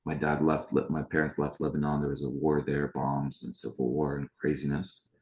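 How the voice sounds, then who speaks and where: A man's voice: very deep voice, little pitch movement, moderate pace, a little mellow. A man in his forties from the Middle East, hosting a spiritual retreat and casually sharing his life story with a live online group, greeting attendees by name.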